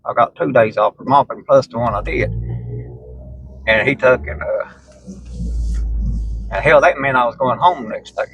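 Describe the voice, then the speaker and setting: A man's voice: medium pitch, normal speed, creaky, pauses often, dull audio, noisy background. A man, telling rambling, salty stories in a casual chat and laughing at his own tales. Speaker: storyteller in conversation. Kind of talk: casual storytelling. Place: inside a moving vehicle.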